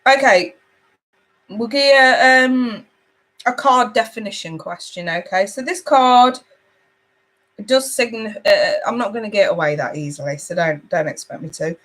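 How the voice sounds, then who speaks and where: A woman's voice: mid-range voice, measured pace, fairly bright tone. A chatty woman hosting a live tarot reading. She talks casually and affectionately to her viewers, calling them babe and sweetheart as she reads out their comments. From United Kingdom. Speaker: tarot reader hosting a livestream. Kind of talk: casual livestream chat.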